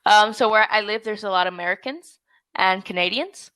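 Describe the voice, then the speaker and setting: Woman English tutor, patient online lesson, mid pitch, dry close sound. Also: bright, forceful tone, clean tone, no echo. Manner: friendly, patient coaching, models sounds slowly. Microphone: video call.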